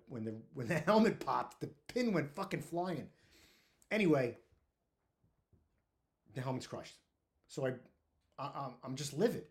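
A man telling his own firehouse story in a blunt, profane, animated way, full of restarts. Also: a little high. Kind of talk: casual storytelling monologue.

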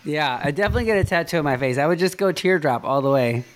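A man's voice: on the high side, lively intonation, fast talker. Male podcast co-host, joking and profane, laughs a lot. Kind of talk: casual chat.

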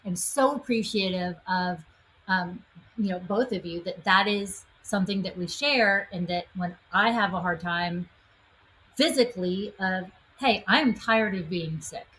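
A woman's voice: medium pitch, unhurried, fairly bright tone, poor audio. Heartfelt woman podcast co-host, faint hiss. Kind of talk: podcast conversation.

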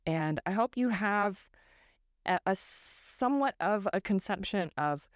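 A woman's voice: medium pitch, animated, unhurried, no room sound. A woman from Northern California hosting her own podcast, talking reflectively and with self-deprecating digressions into a close microphone. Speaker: podcast host. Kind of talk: reflective solo podcast monologue.

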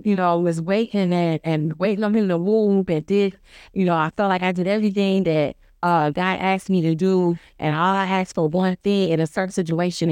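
A woman tells her personal faith testimony with a low, smooth voice, recorded dry and close. She talks earnestly and loosely, and she acts out her own remembered words with lively jumps in pitch. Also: dry recording. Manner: conversational, many fillers and restarts. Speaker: church member giving testimony.

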